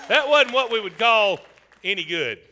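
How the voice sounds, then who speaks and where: A man hosting a comedy show, teasing audience members in a loud, folksy way. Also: high voice, very animated, moderate pace, soft background music, a faint crowd. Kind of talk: audience participation stand-up. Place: theater stage with live audience. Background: audience laughter.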